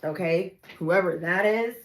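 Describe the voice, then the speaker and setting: Young woman doing a reading, low voice, sassy and chatty, talks right to the camera. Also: measured pace, poor audio. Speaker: tarot reader. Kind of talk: casual spoken reading to viewers.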